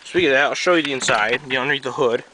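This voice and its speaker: Racing along in a mid-range voice over a noisy background, a young man from New York with a slight Southern tinge shows off his truck to a handheld camera outdoors in the cold. A little sick, he rambles offhandedly and swears casually during the walkaround.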